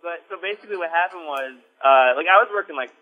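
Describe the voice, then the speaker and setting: A man's voice: fairly high pitch, quick pace. A man telling a story in casual chat, rambling with lots of likes and ums. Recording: phone-like line, faint music.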